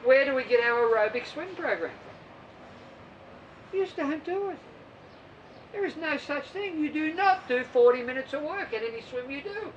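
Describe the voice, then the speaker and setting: A woman's voice: sits high, lively intonation, moderate pace, pauses often, far from the mic, lo-fi sound. Woman swim coach, blunt and outspoken, talking to a squad; recorded off-mic, faint road noise. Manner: blunt, emphatic, mocks other coaches' methods. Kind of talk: informal coaching talk to athletes.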